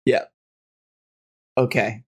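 A man playing a tabletop game in a casual, joking way, cursing freely. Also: drawn-out words. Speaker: player.

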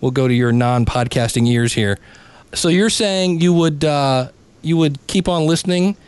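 A man's voice: a little high, normal speed, a little mellow, clear, resonant tone, dry recording. A man reviewing a podcast live as a coach, chatty and full of restarts. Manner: chatty, many restarts and fillers.

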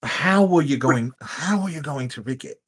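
A man playing a bitter, irate estranged son in a tabletop role-play game, ranting and swearing, swinging from loud outbursts to mutters. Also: mid-range voice, lively intonation, moderate pace, poor audio. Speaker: player.

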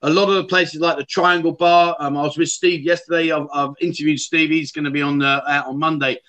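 A man's voice: fairly high pitch, level tone, a little fast, a bit bright. A man hosting a livestream chat show, telling stories and reading out viewer comments. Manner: chatty storyteller, reads out viewer comments. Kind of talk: casual chat.

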